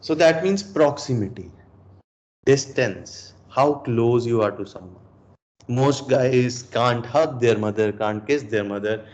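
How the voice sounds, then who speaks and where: A man's voice: medium pitch, takes it slowly, a little mellow. A young man giving a coaching session, emphatic, asking the listener rhetorical questions and mixing in Hindi phrases. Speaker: dating coach.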